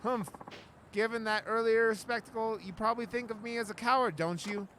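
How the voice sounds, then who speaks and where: A man's voice: high voice, fairly even intonation, fairly quick, fairly bright tone, slight background noise, low-quality recording. A man voicing a pompous, haughty male self-styled nobleman in his thirties who talks in flowery insults while reading a game aloud.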